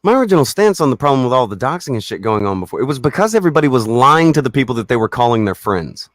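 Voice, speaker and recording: A man on a livestream, ranting with a mocking, sarcastic edge and plenty of swearing. His voice sits at an ordinary middle pitch and sounds dry and close, with no room around it. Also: very animated, racing, dry recording. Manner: mocking, sarcastic taunting with laughs. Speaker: livestream host. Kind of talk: profane livestream rant.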